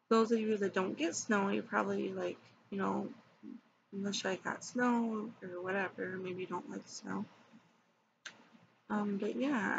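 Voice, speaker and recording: A woman vlogging casually to her viewers, hoarse from losing her voice, rambling and relaxed. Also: mid-range voice. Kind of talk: casual vlog chat to viewers. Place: home at dim light. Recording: dull lo-fi with clear background hum.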